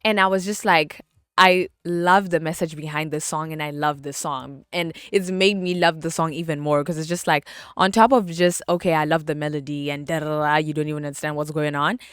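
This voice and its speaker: A young woman talks through her solo podcast in a bubbly, chatty way, laughing easily and doubling up words for emphasis. Her voice sits a little low for a woman. The sound is dry and close, with no room around it. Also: steady tone, fairly quick, a bit bright, clear, resonant tone, no echo. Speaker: podcast host. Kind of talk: casual solo podcast chat.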